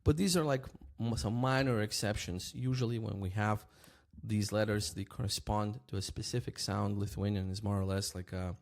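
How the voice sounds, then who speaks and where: A man's fairly low voice, touched with vocal fry, carries a relaxed language lesson. He slowly repeats example words and often pauses to ask "right?"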